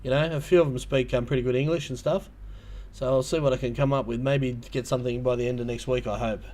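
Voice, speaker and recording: A man's voice: medium pitch, steady tone, fast talker, darkish tone. Rambling Australian man chatting on a livestream. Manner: rambling storytelling with many ums and restarts. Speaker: livestream host. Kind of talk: casual livestream chat.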